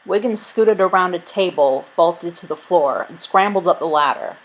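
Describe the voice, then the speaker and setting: A woman reading a chapter book aloud as narrator, in a clear, lively way. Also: fairly low pitch, moderate pace, rough recording. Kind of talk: storybook read-aloud.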